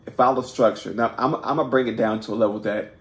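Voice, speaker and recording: A man's voice: medium pitch, steady tone, fast. A man hosting a casual poetry lesson, talking informally with many restarts and repeated words, and often checking in with "right?". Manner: self-deprecating and informal. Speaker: poetry teacher and host. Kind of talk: casual unscripted video lesson. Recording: echoey room.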